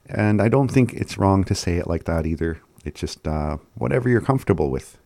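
A man's voice: sits low, animated, a little fast, gravelly, hardly any pauses, mellow, dry recording. A man giving a casual language lesson, sounding words out syllable by syllable and often laughing at himself. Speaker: language teacher.

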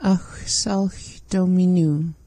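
A woman co-hosting a language lesson, quietly repeating each phrase briefly. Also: lowish voice, steady tone, very slow, no room sound. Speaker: co-host learner.

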